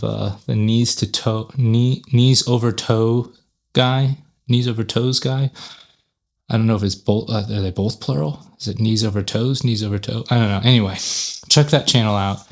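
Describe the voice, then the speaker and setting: A man talking casually to camera in a gym, chatty and rambling, often correcting himself mid-sentence as he explains his workout. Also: lowish voice. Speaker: fitness YouTuber. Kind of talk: casual workout vlog talk.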